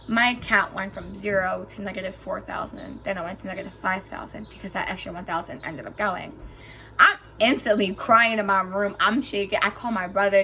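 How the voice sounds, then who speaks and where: A young woman telling a story about getting scammed to her viewers in a vlog, animated and emphatic, getting heated as she goes. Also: mid-range voice, slight background noise. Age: young adult. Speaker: vlogger.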